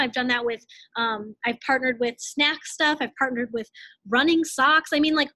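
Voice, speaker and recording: Young woman team coach, bright high register, blunt and breezy, dry webcam sound. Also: no echo. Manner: fast casual, many "like"s, blunt asides. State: out of breath. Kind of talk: live online team training.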